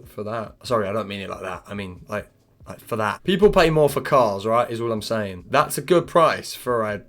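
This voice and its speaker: Man doing comedic commentary. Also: medium pitch. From United Kingdom. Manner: animated, swearing, drops to mumbled asides. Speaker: commentary host.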